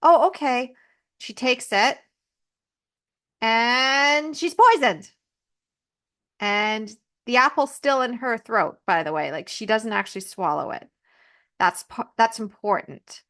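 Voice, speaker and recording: A woman hosting a podcast, retelling a fairy tale in a chatty, animated way with personal asides. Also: fairly high pitch, slow, pauses often. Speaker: podcast host. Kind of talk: casual storytelling.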